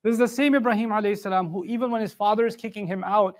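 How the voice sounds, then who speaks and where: A man giving a religious lecture on the Quran, explaining points in an animated, emphatic way. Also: high-pitched, very fast.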